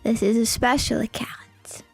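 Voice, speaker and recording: A woman's voice: a little high, steady tone, a little slow, vocal fry, slightly rough, faint music behind. A woman streaming a game, chatting casually in a playful, giggly, teasing way. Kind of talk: casual live-stream chat.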